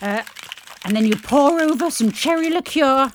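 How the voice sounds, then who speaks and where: A woman co-hosting a comedy show, playful and teasing with quick asides. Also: sits high, expressive, slight background noise. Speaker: podcast co-host. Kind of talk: comic banter.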